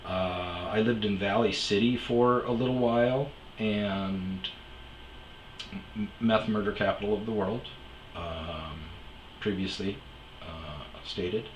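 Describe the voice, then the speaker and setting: Low-voiced man telling profane stories. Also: slow, reverberant, muffled recording, slight background noise. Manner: profane, rambling anecdotes. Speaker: host, storyteller. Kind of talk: comedic storytelling podcast.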